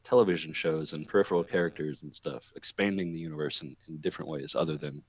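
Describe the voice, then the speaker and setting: A man's voice: a bass voice, steady tone, fast, breathy edge, no echo. A man co-hosting a casual podcast chat in a laid-back way. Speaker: podcast co-host.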